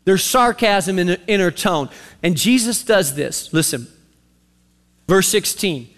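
Man, preacher, high voice, animated storytelling, long hall reverb. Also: slow. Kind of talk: sermon.

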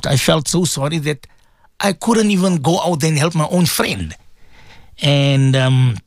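A man hosting a casual radio talk show as a Muslim cleric, rambling and repeating words with sudden jumps in pitch. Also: husky, dry recording, clean studio sound.

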